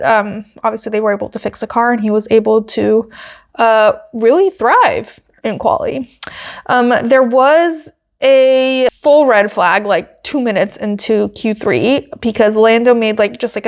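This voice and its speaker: A young woman hosting a podcast, recapping a race in casual chat with lots of fillers and asides. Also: a little high. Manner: chatty, frequent fillers and asides. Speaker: podcast host.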